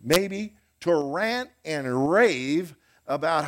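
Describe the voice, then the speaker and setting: A man's voice: medium pitch, lively intonation, measured pace. A male pastor preaching a sermon in a wry, conversational way, posing questions to the congregation.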